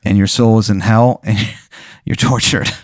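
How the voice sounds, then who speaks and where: A man's voice: lowish voice, fairly even intonation, measured pace, no echo, studio quality. A young man hosting a podcast, casually telling an improvised crude story with lots of fillers. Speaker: podcast host.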